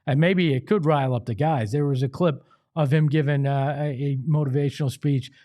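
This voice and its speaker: A man's voice: a little high, steady tone, a little fast, mellow. A man hosting a sports talk show, delivering an emphatic, opinionated monologue with pleading asides. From Italian-American family.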